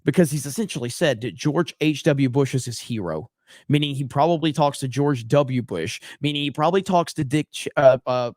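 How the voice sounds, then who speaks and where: Man, livestream host, casual chat reading, blunt, profane, repetitive, mid pitch, dry sound. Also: dry recording. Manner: blunt and profane, repeats himself for emphasis.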